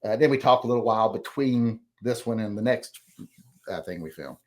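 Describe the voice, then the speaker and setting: A man's voice: fairly low pitch, expressive, fairly quick, darkish tone. A middle-aged man hosting a casual chat, reading viewer comments aloud and answering them in a rambling, self-correcting, plain-spoken way. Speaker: host.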